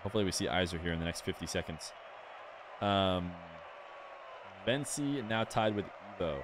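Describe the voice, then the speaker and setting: A young man streaming a game and chatting casually with his viewers in a relaxed, rambling way. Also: sits low, moderate pace, noisy background. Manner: relaxed, rambling, talks straight to chat. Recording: music playing clearly behind the voice.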